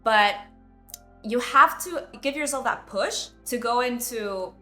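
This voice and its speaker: A woman's voice: fairly high pitch, slow, bright, forceful tone, faint music behind. A woman hosting a self-development video, telling a personal story in a candid, chatty way full of "like.". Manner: candid, chatty, heavy use of "like".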